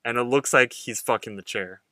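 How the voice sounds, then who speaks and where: A young man in his twenties talks casually on a podcast, recapping a cartoon and acting out the characters' lines. His voice is bright and forceful, recorded close and dry. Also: mid-range voice, brisk, no echo. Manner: animated, acts out characters' lines while recapping. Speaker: podcast co-host.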